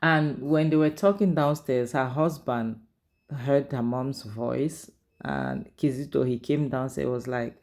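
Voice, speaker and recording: With a very deep, darkish voice and a slightly slow pace, a woman chats through a drama series recap and review. She's opinionated and casual, peppering her talk with "like" and "you know."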